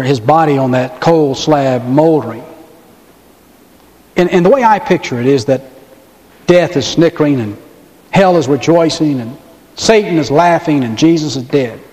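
A pastor preaching a sermon, telling the story dramatically and slowing down and pausing to stress points. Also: male voice, fairly high pitch, darkish tone. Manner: dramatic storytelling, pauses and slows for emphasis. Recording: long hall reverb.

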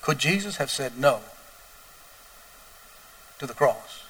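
Male pastor, storytelling sermon, bright tone, picked up from a distance. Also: mid-range voice, expressive, takes it slowly, a little hiss or hum. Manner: builds from quiet storytelling to loud, wailing emphasis.

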